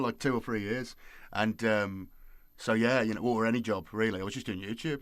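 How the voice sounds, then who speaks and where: A man's voice: on the low side, steady tone, normal speed, no echo, clean studio sound. A man hosting his channel, chatting casually and rambling with lots of fillers. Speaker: YouTube host. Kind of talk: casual late-night chat.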